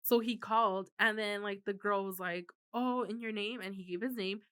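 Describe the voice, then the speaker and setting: A woman's voice: medium pitch, fairly even intonation, normal speed, a bit bright, smooth. A woman in her thirties co-hosting a podcast, chatting casually, laughing often and swearing freely. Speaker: podcast co-host. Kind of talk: casual chat.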